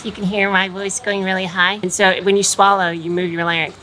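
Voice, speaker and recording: A woman's voice: mid-range voice, little pitch movement, a little fast, sharp tone, a little hiss or hum. A woman giving voice tips in a casual tutorial vlog, chatty and explanatory, with lots of fillers. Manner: demonstrates sounds while explaining.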